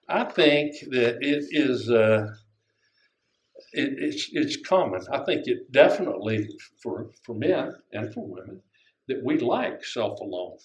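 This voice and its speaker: An older man preaching a conversational sermon, often asking his congregation questions. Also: medium pitch. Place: church sanctuary. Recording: echoey room.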